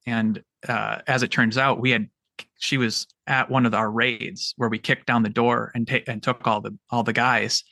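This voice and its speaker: A man, a military veteran, telling a story on a podcast in a halting way, often repeating words. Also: medium pitch, flat delivery, creaky, pushed and bright, no room sound.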